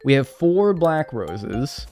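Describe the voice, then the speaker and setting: A man streaming a video game, talking loosely and joking as he plays. His voice swings up and down with lively energy, and faint game music runs underneath. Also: medium pitch, slow pace. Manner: rambling, animated and joking. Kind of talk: casual live-stream gaming chat.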